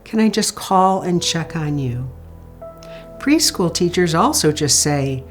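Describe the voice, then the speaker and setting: A woman giving an instructional talk on supporting grieving people, speaking in a calm, gentle and measured way. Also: fairly low pitch, soft background music. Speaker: grief support educator.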